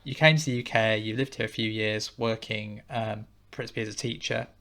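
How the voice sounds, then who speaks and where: A man hosting a podcast interview, measured and summarizing his guest's points. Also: on the low side, steady tone, creaky, a bit bright. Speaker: podcast host. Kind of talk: interview questions.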